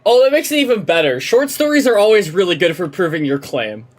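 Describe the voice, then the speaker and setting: A young adult woman streams a game, chatting and ranting animatedly with plenty of swearing. Her voice sits on the low side, and she talks a little fast.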